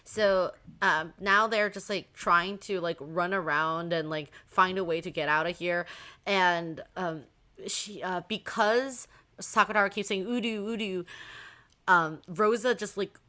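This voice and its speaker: A woman hosting a podcast, retelling a story in a lively, rambling casual chat with many fillers. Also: on the low side, unhurried. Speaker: podcast host.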